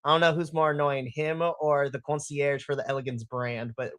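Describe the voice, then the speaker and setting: A podcast co-host in casual chat about wrestling, playful and quick to laugh. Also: mid-range voice, level tone, no echo.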